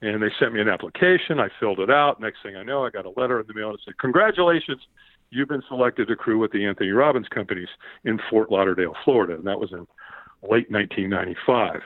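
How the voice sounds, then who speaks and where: A man telling an animated story as a podcast guest, often repeating words and acting out the shouts he quotes. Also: on the low side, fast talker, dry recording. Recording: tinny phone-like line, dry.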